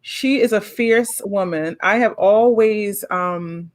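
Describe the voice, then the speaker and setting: A woman hosting a relaxed interview, gushing and quick in her bursts of talk. Her voice sits at an ordinary middle pitch. She speaks freely and chattily. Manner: effusive, warm praise, quick bursts. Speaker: host. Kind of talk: casual interview chat.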